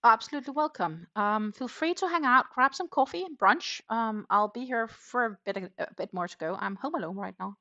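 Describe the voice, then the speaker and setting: A woman's voice: on the high side, animated, moderate pace, hardly any pauses, pushed and bright, lo-fi sound. A Danish woman with a mixed Danish, Dutch and English accent, chatting casually on a crochet livestream from home and reading viewer comments aloud, with many fillers. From Denmark. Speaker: crochet live streamer.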